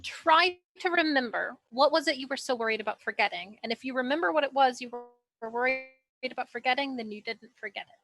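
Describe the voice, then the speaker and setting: A woman's voice: sits high, fairly quick, fairly bright tone. A woman playing a tabletop role-playing game, asking questions in character with hesitant ums. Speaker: player.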